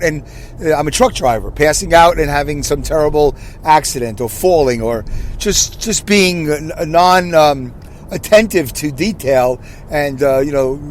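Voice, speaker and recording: A man's voice: a little high, normal speed, slight background noise. Rambling sixty-year-old man talking while driving. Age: 60s. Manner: rambling, self-correcting, asks listeners questions. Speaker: podcast host. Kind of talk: casual solo podcast monologue. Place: in his car, driving.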